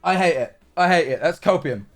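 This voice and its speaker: A man talks casually to his stream audience in a high, bouncy voice that swings widely in pitch. He rants animatedly and swears freely. Faint music plays behind him. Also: brisk. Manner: animated ranting, frequent swearing. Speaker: livestreamer. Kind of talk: casual chat to stream viewers.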